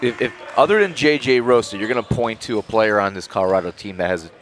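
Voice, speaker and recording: A man's voice: fairly low pitch, fast talker. A man doing live play-by-play commentary on a volleyball match, his voice jumping up on big plays. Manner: excitable, voice jumps up on big plays. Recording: commentary over loud gym noise.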